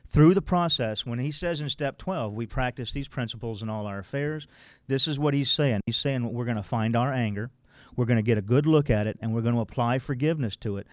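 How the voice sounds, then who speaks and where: A man's voice: medium pitch, brisk, dry recording. A man leading a recovery workshop, reading from a text and explaining it in blunt, folksy, mildly profane everyday language. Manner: quotes text then explains it plainly. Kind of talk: informal workshop talk.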